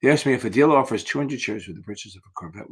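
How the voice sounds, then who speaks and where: A man's voice: medium pitch, expressive, rapid-fire, husky. A man tutoring students for securities exams on a live Q&A stream, blunt and profane and tired from yawning, calling his viewers baby. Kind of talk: live Q&A stream, casual teaching.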